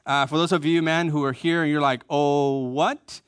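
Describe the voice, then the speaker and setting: Joking pastor with a crisp, dry voice. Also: male voice, a little high, steady tone, quick pace, fairly bright tone, no room sound. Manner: informal and joking, with fillers. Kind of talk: sermon. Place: church sanctuary.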